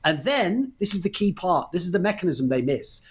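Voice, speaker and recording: A man's voice: sits high, big pitch swings, a little fast. A man co-hosting a casual esports podcast, talking emphatically and swearing freely as he argues his points. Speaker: podcast co-host.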